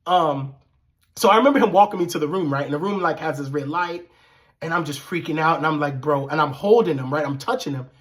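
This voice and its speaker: A man telling a personal story casually, animated and profane, acting out the dialogue. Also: on the high side, fairly quick. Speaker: vlogger.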